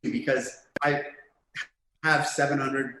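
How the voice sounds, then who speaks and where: Brief: male podcast guest, mid pitch, measured and matter-of-fact, recorded in an echoey room. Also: flat delivery, pushed and bright, a little hiss or hum. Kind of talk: casual interview chat.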